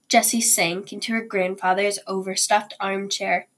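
A teacher with a mid-range voice reads a children's chapter book aloud to her students, slow and deliberate.

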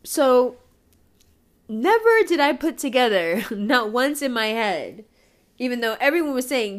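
A woman's voice: a little high, very animated, a little slow. A woman in a candid personal monologue, emotional and raw, swearing freely, laughing and tearing up by turns.

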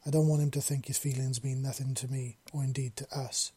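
A man voicing a gentle, earnest young male clawed creature in a read-aloud story, speaking sincerely and softly, with a dark, husky tone. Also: mid-range voice, little pitch movement, brisk, no room sound, close to an everyday voice. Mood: warm, playful. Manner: sincere, apologetic, softly spoken.

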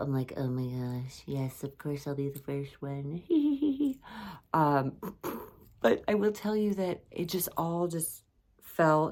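Woman, podcast host, low voice, playful, self-teasing, casual solo chat. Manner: playful, self-teasing, bursts of high animated emphasis.

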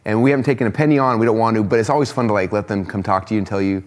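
A man telling a quick, excited story as a podcast guest, laughing often. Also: fairly low pitch, in a large hall. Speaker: podcast guest, company founder. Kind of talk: casual storytelling in a podcast chat.

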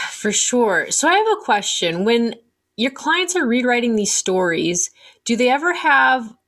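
A woman's voice: on the high side, big pitch swings, a little slow, a bit bright. A young woman hosting a casual podcast conversation, talking in a thoughtful, reflective way and asking questions.

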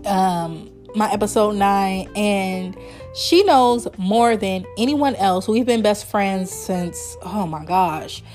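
A woman in her early thirties hosts her own podcast, rambling warmly between topics and breaking into laughter. Her voice sits at an ordinary pitch for a woman, with faint music underneath. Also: slow pace. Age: 30s. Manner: chatty, rambling, laughs often, emotional and sincere. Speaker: podcast host. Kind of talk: casual solo podcast chat.

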